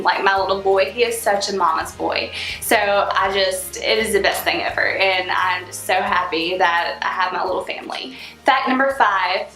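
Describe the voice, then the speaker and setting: A woman's voice: medium pitch, a bit bright, echoey room, poor audio. A woman in her late twenties from Alabama with a Southern accent, chatting casually and cheerfully to camera in a vlog. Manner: chatty, upbeat, laughs often. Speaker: beauty vlogger.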